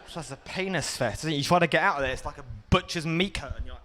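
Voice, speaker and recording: A man doing a stand-up comedy set on a festival stage, animated and jumping into loud, high-pitched impressions. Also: fast.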